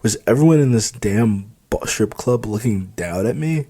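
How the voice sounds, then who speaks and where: A man voicing a sharp-tongued nineteen-year-old foreign woman in an audiobook. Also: lowish voice, lively intonation, moderate pace, breathy edge. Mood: indignant. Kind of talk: audiobook dialogue.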